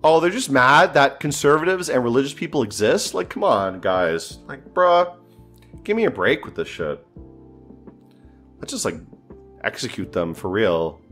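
Over soft background music, a man streams a strategy game, his mid-range, somewhat bright voice very animated yet a little slow. He jokes casually, reasons out loud, and comes across as exasperated.

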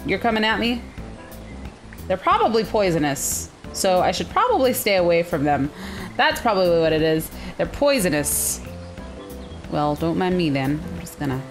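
Excitable woman with a bouncy voice. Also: mid-range voice. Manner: excitable, squealing reactions, narrates her own moves. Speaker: gaming channel host. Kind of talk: let's-play game commentary.

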